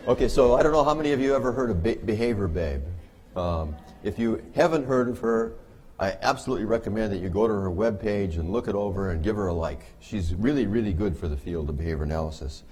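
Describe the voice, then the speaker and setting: A man's voice: sits low, a little mellow, breathy edge. A man giving a humorous conference lecture on behavior analysis, wry and joking with the audience. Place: conference hall.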